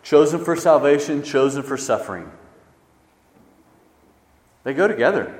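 A man's voice: animated, measured pace. Preaching man in an echoey hall. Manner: swings from loud emphasis to hushed low stresses. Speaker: pastor. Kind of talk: sermon. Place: church sanctuary.

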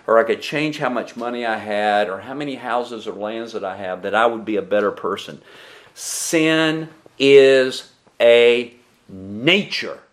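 A man's voice: mid-range voice, fairly bright tone. A man preaching a sermon who keeps asking the congregation questions.

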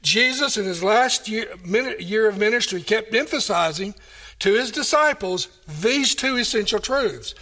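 Slow, high-voiced man preaching a sermon. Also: lively intonation, pushed and bright. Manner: emphatic, rhetorical questions, measured delivery. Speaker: pastor.

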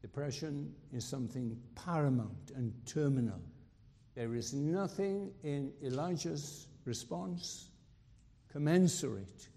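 A man delivers a sermon in an unhurried, measured way, pressing key words with emphatic rises and dramatic pauses. His tone is dark and mellow. The voice rings with the long reverberation of a church hall. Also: a little high. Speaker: preacher.

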